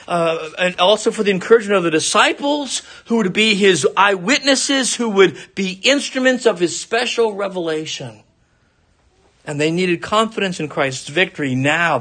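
A man's voice: high-pitched, fairly bright tone. A man preaching an earnest expository sermon from the pulpit as a pastor.

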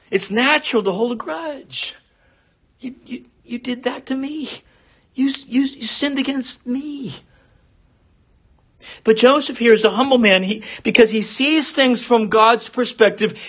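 A man preaching an expository sermon, earnest, repeating words for emphasis and at times dropping to a soft, low voice. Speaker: pastor.

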